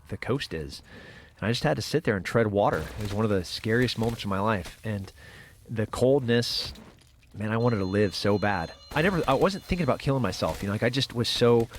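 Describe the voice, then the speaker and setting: A middle-aged man appears as a guest in a casual interview, telling a personal story haltingly, with lots of fillers and restarts. His voice is lowish, and there's slight hiss or hum.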